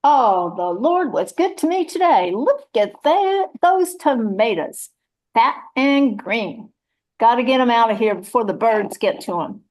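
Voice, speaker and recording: A chatty churchgoing country mama, as a woman plays her with a drawl. She rambles on in a folksy, motherly way, her voice sitting a little high. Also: expressive, measured pace, a little mellow. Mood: cheerful rambling. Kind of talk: one-woman audio play reading.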